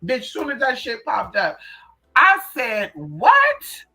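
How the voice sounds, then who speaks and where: Livestream host, spiritual reader, sassy, profane, animated storyteller, bright voice, medium pitch. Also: measured pace, gravelly. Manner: sassy and profane, greets viewers by name; animated storytelling, lots of "girl" and "honey". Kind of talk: casual livestream chat.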